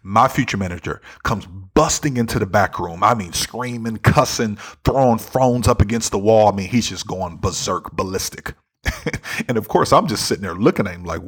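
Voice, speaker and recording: A man's voice: on the low side, lively intonation, a little fast, husky. A man giving an earnest, conversational talk on leadership, often checking in with "right?". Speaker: speaker on leadership. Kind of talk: motivational talk.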